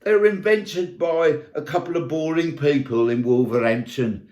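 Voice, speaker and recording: A man's voice: a little high, moderate pace, darkish tone. A man from England telling a comic story in a wry, mock-exasperated way. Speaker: vlogger. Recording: echoey room.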